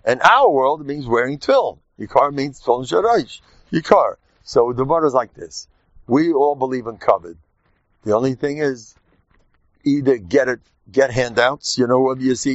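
A man giving an informal, joking Torah talk to his class, lively and animated. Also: mid-range voice, moderate pace, no room sound. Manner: animated, jokey, mixes Yiddish and Hebrew terms. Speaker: rabbi teaching a class. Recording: dull dry lo-fi sound.

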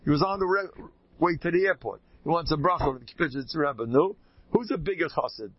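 A man, a rabbi, giving an informal Torah talk to a live audience, animated and folksy, often leaping high in pitch for emphasis. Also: brisk, breathy edge, no echo. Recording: dull lo-fi recording.

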